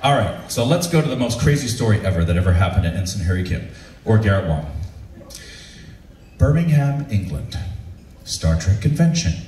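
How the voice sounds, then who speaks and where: A man's voice: normal speed, long pauses, slight background noise. A man, an actor, telling a comic convention story live on stage and acting out the people in it. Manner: animated, acts out quoted voices with big pitch jumps. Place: large room with a live audience, from far off. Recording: echoey room, distant mic, faint ambience.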